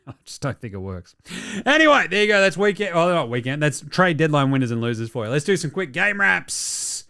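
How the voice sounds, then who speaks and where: This basketball show host has a fairly high, gravelly yet smooth voice. In casual sports commentary he rants fast and excitedly about games and trades, cursing a lot.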